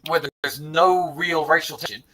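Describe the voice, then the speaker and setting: A man with a slightly high-pitched voice gives blunt, strongly held opinions on a podcast. He curses freely and often stammers and restarts mid-sentence. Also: steady tone, moderate pace, a crowd in the background, poor audio. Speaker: podcast guest. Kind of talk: casual chat.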